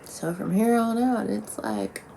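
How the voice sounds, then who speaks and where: Blunt, gravelly-voiced woman vlogging. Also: mid-range voice, very animated, a little slow, mellow, slight background noise. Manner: blunt and profane, rambling with many "like"s. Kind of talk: casual monologue to camera.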